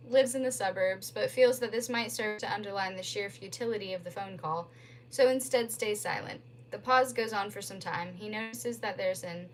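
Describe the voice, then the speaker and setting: A woman reading a novel aloud with steady, expressive narration. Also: mid-range voice, slight background noise, low-quality recording. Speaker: reader.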